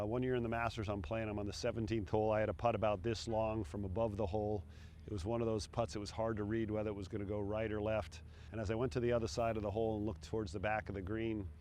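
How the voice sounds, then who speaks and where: Man, middle-aged, golf coach, relaxed, encouraging, slightly low voice, outdoor green, faint background noise. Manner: relaxed, encouraging, thinks aloud between putts. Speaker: putting coach. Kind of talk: on-course instruction.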